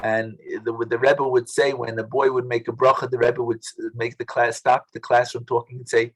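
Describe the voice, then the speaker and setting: A man leading a study group over a video call, talking in a casual, halting way with many restarts. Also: mid-range voice, level tone, husky, poor audio. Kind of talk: casual teaching talk.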